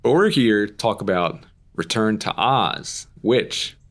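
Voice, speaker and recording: A man's voice: on the low side, expressive, takes it slowly. A young man co-hosting a podcast in a casual chat, rambling and chatty with lots of "like" and the odd curse word. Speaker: podcast co-host.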